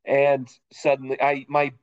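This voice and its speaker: A man's voice: medium pitch, monotone, measured pace, clean tone, muffled recording. A man co-hosting a podcast, chatting casually and telling rambling, joking stories. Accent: Boston. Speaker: podcast co-host. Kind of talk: casual chat.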